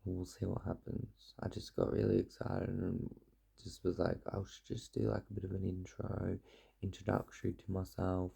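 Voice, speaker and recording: A man's voice: low-pitched, monotone, moderate pace, creaky, mellow, breathy edge. A young man chatting casually to camera, rambling and swearing freely, in a playful put-on accent. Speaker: vlogger.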